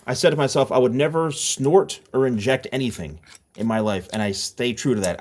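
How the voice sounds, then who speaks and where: A middle-aged man from New Jersey hosts a casual podcast chat. He tells long stories with energy and acts out the lines of the people in them. His voice sits at an ordinary middle pitch. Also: fast talker. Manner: animated storyteller who acts out voices in his anecdotes. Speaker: podcast host.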